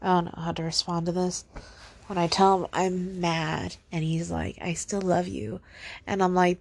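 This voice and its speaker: Young woman, tearful, sighing, halting, gravelly voice, dry close sound. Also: lowish voice, dry recording. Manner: sighing, halting, repeats herself. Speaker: podcast host. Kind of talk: solo podcast venting.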